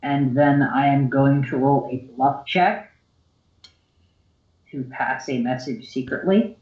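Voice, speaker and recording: A man's voice: mid-range voice, takes it slowly, a little mellow. A man playing a tabletop game, describing his moves casually with fillers. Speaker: player. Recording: echoey room, dull lo-fi sound.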